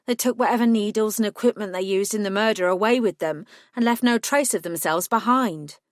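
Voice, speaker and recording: A woman's voice: medium pitch, brisk, no echo, clean studio sound. A woman reading a first-person audiobook in a scripted narration style, voicing each character with small shifts.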